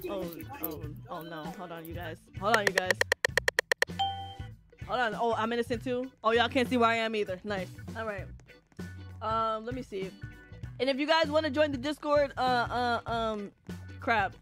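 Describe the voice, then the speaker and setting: A woman's voice: fairly high pitch, moderate pace, pauses often, fairly bright tone, soft background music. A woman streaming a game live, talking casually to her chat and often shrieking and laughing. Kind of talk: live gaming commentary.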